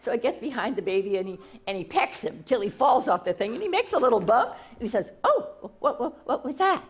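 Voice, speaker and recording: A woman's voice: mid-range voice, big pitch swings, fast, breathy edge. A woman spiritual teacher giving an enthusiastic inspirational talk, repeating herself and restarting phrases often.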